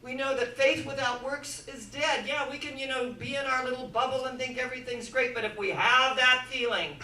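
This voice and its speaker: A woman giving an inspirational sermon-style talk, telling stories dramatically and swinging from hushed to loud. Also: high-pitched, normal speed, slight background noise. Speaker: inspirational speaker. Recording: echoey room, voice from far off.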